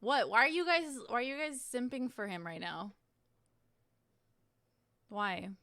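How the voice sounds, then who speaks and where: A woman's voice: on the high side, very animated, unhurried, pushed and bright, no room sound, clean studio sound. A young woman streamer in casual chat, reading viewer messages aloud and reacting in a chatty, giggly way.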